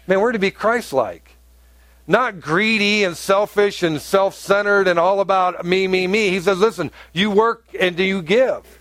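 Brief: male pastor, high voice, lively sermon delivery, dry close sound. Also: measured pace, no echo. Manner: animated preaching, rising to emphatic peaks.

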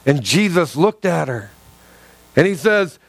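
A man preaching a sermon in a church, impassioned and repetitive, acting out quoted lines with swings between loud and soft. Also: on the high side, sing-song, unhurried, vocal fry, no echo.

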